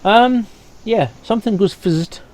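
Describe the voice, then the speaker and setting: A man narrating and refereeing as game master, in a relaxed way with hesitant fillers. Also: high voice, measured pace.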